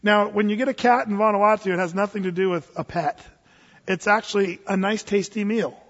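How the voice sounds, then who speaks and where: A high-voiced man preaches a sermon, spinning a funny story with restarts and sudden loud bursts. His voice rings with long reverb through a hall. The sound is dull and muffled. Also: steady tone, a little fast. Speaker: pastor.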